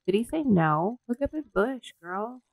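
A woman hosting a let's play, commenting in an excitable, giggly and crude way. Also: fairly high pitch, measured pace, vocal fry, no echo. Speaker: gaming video host.

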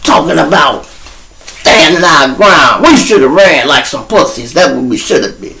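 A man's voice: fairly high pitch, lively intonation, a little slow, vocal fry, bright, forceful tone, rough recording. A middle-aged man, the host, telling street stories in a casual, profane monologue aimed straight at his viewers. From Chicago. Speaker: storyteller host.

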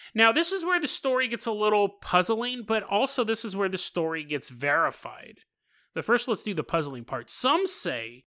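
High bright guy telling a weird story on his podcast, jokey, does little voices. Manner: animated, joking, acts out voices with laughs. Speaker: podcast host. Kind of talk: comedic storytelling.

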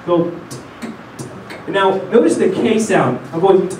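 A man's voice: high voice, expressive, slow pace, a little mellow, soft background music. A man teaching a lesson, coaching the class and having them repeat sounds after him. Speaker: didgeridoo teacher. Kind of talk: instructional lesson. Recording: roomy sound, mic at a distance.

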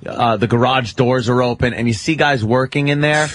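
A man's voice: mid-range voice, normal speed, fairly bright tone, no echo. A man, a radio host, telling profane, rueful stories about past jobs in a casual chat.

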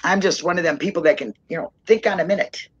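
A woman hosting a casual livestream chat, rambling and calling herself a loudmouth. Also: on the low side, quick pace, breathy edge, highs cut off. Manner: rambling, self-described loudmouth, laughs often. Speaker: stream host.

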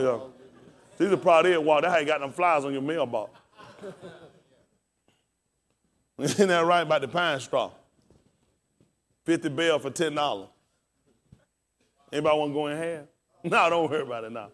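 A man's voice: fairly high pitch, moderate pace, long pauses. Male pastor, preaching in call-and-response and spelling out words. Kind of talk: sermon and scripture teaching.

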